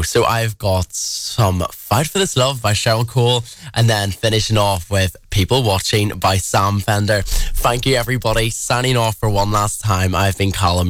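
A man's voice: lowish voice, a bit bright, dry recording. A young man in his twenties with an Irish accent, hosting a local radio show in a studio and chatting casually between songs, with lots of "like.". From Ireland. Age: 20s. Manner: chatty, peppered with "like".

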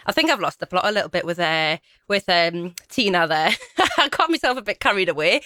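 A woman's voice: on the low side, sing-song, brisk, sharp tone, no echo. Bubbly woman radio presenter. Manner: bubbly, laughing, self-correcting. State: a little out of breath. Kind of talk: chatty radio show link. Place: radio studio. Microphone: studio mic.

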